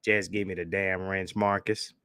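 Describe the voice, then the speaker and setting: A man doing a mock voice of a stern male police officer demanding compliance, in a low, slow, commanding drawl. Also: flat delivery, sharp tone, clear, resonant tone, dry recording, studio quality.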